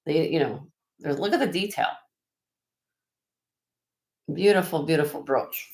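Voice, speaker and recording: A woman's voice: deep voice, measured pace, a little mellow, poor audio. A woman with a Midwestern accent hosting a live-stream jewelry sale, chatty and effusive as she shows off each piece. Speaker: host selling vintage jewelry on a live stream. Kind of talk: live-stream sales chat.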